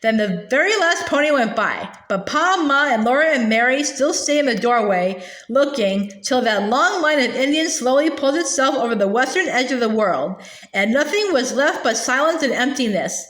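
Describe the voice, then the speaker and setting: A woman with a high voice reads a children's book aloud, gently and with small restarts. The room has a clear echo. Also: lively intonation. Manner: gentle, slightly halting reading with small restarts. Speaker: storybook reader. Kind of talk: reading a children's novel aloud.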